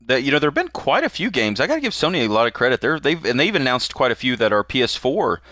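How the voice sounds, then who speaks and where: Brief: male gaming podcast co-host, relaxed chat, bright tone, dry close sound. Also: mid-range voice, fast talker, dry recording. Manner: easygoing, hedging, many fillers.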